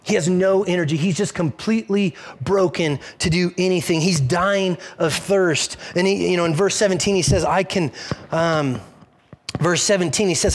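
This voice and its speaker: A man with a high voice gives a sermon. He talks the way people chat, restarts his lines often and slips into quick acted-out asides. The sermon is streamed online from a church service. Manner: conversational preaching with many restarts and acted-out asides. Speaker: pastor.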